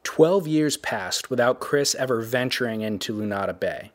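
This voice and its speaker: A man's voice: medium pitch, animated, moderate pace. A man narrating a documentary. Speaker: interviewer and narrator.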